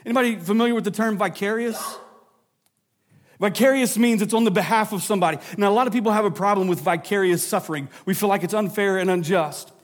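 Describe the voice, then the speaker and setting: High-voiced guy preaching, goes quiet and low then builds up loud, cracks jokes at the crowd. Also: quick pace. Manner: dramatic drops to a low hush, then rising emphasis; jokey asides to the congregation. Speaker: pastor. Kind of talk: sermon.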